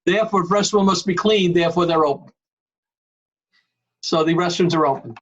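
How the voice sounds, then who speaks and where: Man, high pitch, emphatic meeting chair on a video call. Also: a little fast, a bit bright, muffled recording. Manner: emphatic, calls on members by name. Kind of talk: online board meeting.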